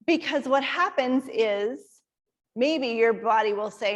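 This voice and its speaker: Woman from Iowa, yoga teacher, slightly higher voice, calm and conversational, walks the class through each step. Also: normal speed. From Iowa, USA. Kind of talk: guided yoga class instruction.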